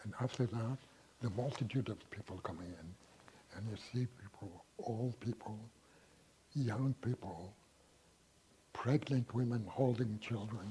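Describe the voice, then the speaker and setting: A man in his nineties being interviewed, recalling his past in a halting way with repeated words. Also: lowish voice, dark tone, slight background noise. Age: 90s. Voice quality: very husky voice. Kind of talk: oral history interview.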